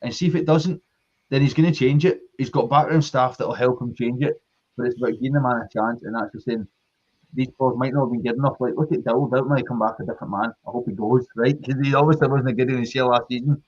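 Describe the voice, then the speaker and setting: A Scottish man in full flow on a fan podcast, pressing his case with passion and barely pausing. His voice sits at an ordinary middle pitch. The sound is dull and lo-fi, like an online call. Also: darkish tone. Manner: passionate, talks in long runs of argument. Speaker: podcast co-host. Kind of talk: casual football fan chat.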